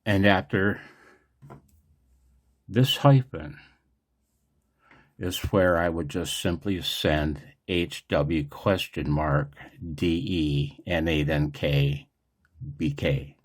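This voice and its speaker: Deep, husky, slow-talking man. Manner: rambling, chatty, digressive. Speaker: amateur radio operator. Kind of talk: casual explanatory vlog.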